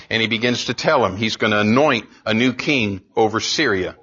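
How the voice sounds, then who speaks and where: A man preaching a sermon in an animated, conversational way, repeating lines for emphasis. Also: fairly low pitch, normal speed, hardly any pauses, slightly rough, lo-fi sound. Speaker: pastor.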